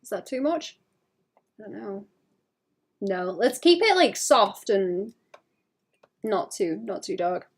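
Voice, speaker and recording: A woman streaming as she draws, chatting to her viewers in a soft, rambling way with frequent fillers and light laughs. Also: medium pitch, sing-song, slow pace, long pauses, husky. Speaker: art streamer. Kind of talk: casual chat while drawing.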